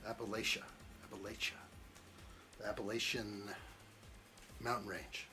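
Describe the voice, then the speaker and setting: This man's lowish voice shows little pitch movement and runs a little slow, bright and forceful, with faint music behind it. Hosting a live model-kit build, he reads comments aloud and teases his viewers with casual, joking banter.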